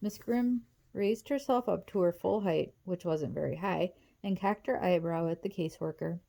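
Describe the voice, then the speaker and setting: A woman reading a novel aloud in a steady, even storytelling manner. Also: lowish voice, moderate pace, creaky. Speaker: audiobook reader.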